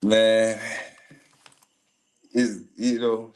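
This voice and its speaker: Relaxed male rapper guest, lowish voice, polite, with dry humor. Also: extremely slow. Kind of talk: casual interview chat.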